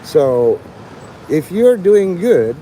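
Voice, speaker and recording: A man's voice: sits high, sing-song, drawn-out words, warm tone, slight background noise. A man livestreaming, rambling and teasing his chat, breaking into mock-angry, swearing rants.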